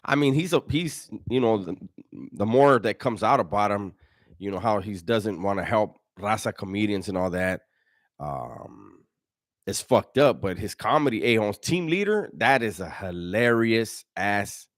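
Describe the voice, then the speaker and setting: A man's voice: on the low side, animated, unhurried, no echo, studio quality. A middle-aged man hosting a casual livestream, telling stories and answering viewers in profane street slang with many restarts. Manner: profane, slang-heavy storytelling, frequent restarts. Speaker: livestream host. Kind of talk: casual livestream chat reading viewer donations and comments.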